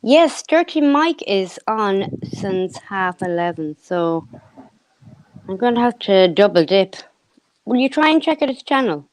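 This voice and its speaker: A chatty woman calls into a live stream, laughing often and joking her way through. Her pitch jumps around a lot. The sound is dry and close, with no room in it. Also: sing-song, measured pace, no echo, rough recording. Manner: playful, chatty and giggly. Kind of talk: casual chat. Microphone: online call.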